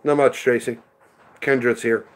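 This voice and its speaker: A man's voice: medium pitch, steady tone, a little slow. A middle-aged man hosting a casual livestream, chatting rambly and answering viewers by name. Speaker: livestream host reading chat.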